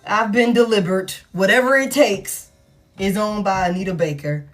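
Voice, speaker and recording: A woman's voice: medium pitch, faint music behind, close to an everyday voice. A woman voicing an ex-lover who makes a rehearsed, earnest apology and tries to win someone back. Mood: earnest persuading. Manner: earnest, deliberate, persuasive. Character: smooth-talking ex-lover making a rehearsed apology.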